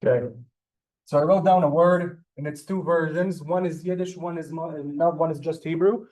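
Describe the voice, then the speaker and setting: A man's voice: a little high, fairly even intonation, normal speed, a little mellow. Talkative, courteous man teaching a class. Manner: talkative and courteous, apologizes and says ma'am. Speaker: Hebrew teacher. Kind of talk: online class lecture. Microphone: video call.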